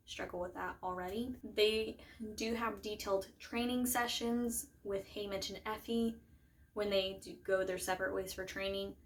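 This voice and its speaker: A woman's voice: medium pitch, slight background noise. A young woman chatting casually about a book and its film, rambling with lots of fillers and self-corrections. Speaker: book vlogger. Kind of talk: casual chat.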